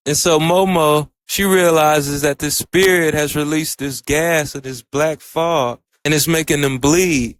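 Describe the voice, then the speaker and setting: A man casually recapping an anime episode in a loose, storytelling way, quoting the characters' lines as he goes. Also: fairly high pitch. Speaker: anime reviewer.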